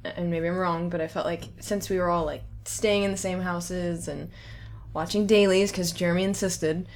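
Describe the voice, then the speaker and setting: A woman's voice: fairly low pitch, fairly even intonation, slight background noise. Giggly, chatty woman in an interview. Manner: giggly, chatty, quick to laugh. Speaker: filmmaker interviewee. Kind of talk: casual interview chat.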